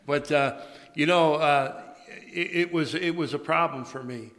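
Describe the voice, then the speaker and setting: A man's voice: medium pitch, steady tone, fairly bright tone. Man preaching in a reverberant church. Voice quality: halting, many fillers and restarts. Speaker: pastor. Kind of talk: sermon. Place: church sanctuary. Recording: long reverb of a large church.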